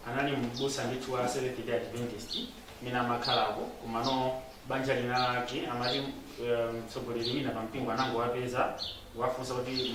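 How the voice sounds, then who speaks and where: A man interpreting a talk, hesitant and searching for words at times. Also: mid-range voice. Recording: echoey room, mic far off, noisy.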